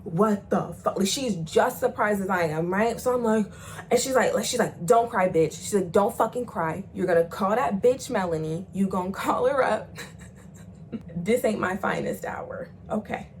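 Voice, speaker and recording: A young woman talks straight to camera in a chatty storytime vlog, her pitch jumping around as she mimics other people's voices. Her voice sits in a middle register, and she swears and uses slang freely. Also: moderate pace, a little hiss or hum, poor audio. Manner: animated, acts out the voices of people she quotes. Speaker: vlogger.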